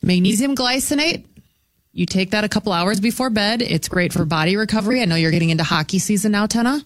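A woman's voice: mid-range voice, fast, no echo. A woman co-hosting a radio show talks casually and gives firm advice. Her voice sits mid-range and sounds close and dry. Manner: chatty, gives confident advice. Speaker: radio co-host. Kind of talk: casual on-air banter.

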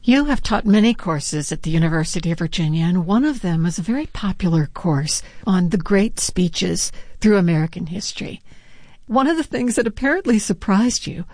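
A woman interviewer with a slightly low voice puts measured, composed questions to her guest. The recording is dry and close. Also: lively intonation, a little mellow, no room sound.

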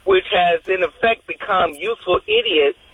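A woman's voice: lowish voice, wildly swooping pitch, normal speed, a little hiss or hum. Woman caller on a tinny phone line. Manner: rambling, earnest, restarts often. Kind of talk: phone-in call. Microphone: telephone.

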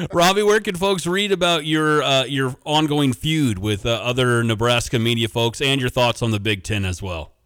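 A man hosting a sports radio show, trading quick jokes with his co-host and guest. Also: mid-range voice, a bit bright, clean tone, no room sound, studio quality. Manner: joking, quick back-and-forth. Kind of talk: casual sports radio banter.

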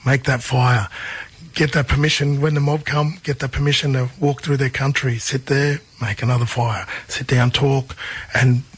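A husky, mid-range voice at moderate pace belongs to an Australian musician on as a guest. He tells his stories in an easygoing, conversational manner, often starting over and repeating phrases.

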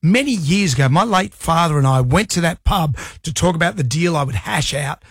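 A man's voice: on the high side, expressive, a little fast, breathy edge, no room sound, studio quality. A middle-aged Australian man hosting a radio show, telling a rambling story in casual banter and laughing at himself. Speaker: radio host. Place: radio studio. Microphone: studio microphone.

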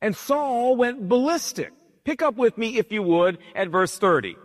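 A man's voice: high-pitched, lively intonation, moderate pace, long reverb tail. A man preaching a sermon, retelling scripture in casual, modern everyday speech. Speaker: pastor.

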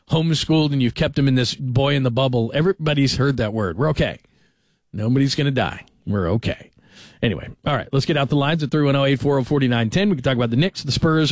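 A middle-aged man hosting late-night sports talk radio, lively and chatty as he moves from topic to topic. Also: medium pitch, no echo, studio quality. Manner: lively, chatty, fast-moving delivery. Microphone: studio microphone.

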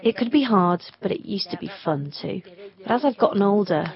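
Woman reading a calm translated voice-over. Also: mid-range voice, fairly quick, lo-fi sound. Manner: calm, reflective recollection.

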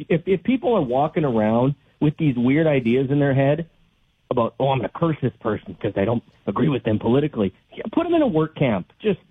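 A man's voice: a little high, no echo. Male call-in listener, indignant and rambling; dry, phone-like sound. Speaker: caller. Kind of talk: call-in radio chat. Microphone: telephone. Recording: tinny phone line, husky.

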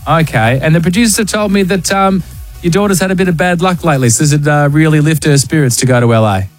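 Jokey Australian radio host. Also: male voice, on the high side, fast talker, faint music behind. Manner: jokey, energetic, slangy. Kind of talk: breakfast radio banter. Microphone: studio microphone.

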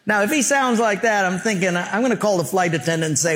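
Higher-pitched male pastor preaching. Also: lively intonation, fast, few pauses, a bit bright. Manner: storytelling, emphatic, conversational. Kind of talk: sermon.

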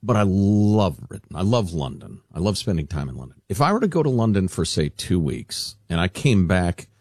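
Husky, joking man on talk radio. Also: deep voice, sing-song, a little mellow, no echo, clean studio sound. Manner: joking, self-mocking, quick to laugh. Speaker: radio talk show co-host. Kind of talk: casual radio banter. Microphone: studio microphone.

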